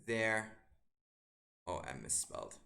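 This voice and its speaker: Gravelly, bright and forceful, this grandmaster's lowish voice is very animated yet unhurried as he commentates a live-streamed chess game. He fires frustrated rhetorical questions at the board and mumbles move lines under his breath.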